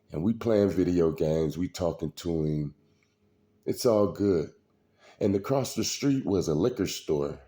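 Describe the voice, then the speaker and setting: A middle-aged man, telling stories in a slow, preachy street style. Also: deep voice, warm tone. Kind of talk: casual storytelling monologue.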